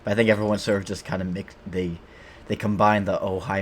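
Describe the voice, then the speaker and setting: A man with a fairly low voice talks loosely over his gameplay, often stopping to restart a thought. A faint game ambience hums under his casual commentary. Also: level tone, fast talker, slight background noise. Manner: rambling, many fillers and restarts. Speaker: game streamer.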